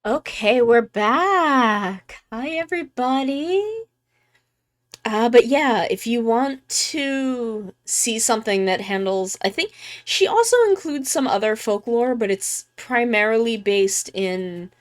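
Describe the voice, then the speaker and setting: A woman streamer chatting casually while giving tarot readings, joking about herself and swearing freely, speaking softly and close to the mic. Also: on the high side, animated, slow pace. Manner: soft, quiet near-ASMR voice close to the mic. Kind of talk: casual live-stream chat. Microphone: close microphone.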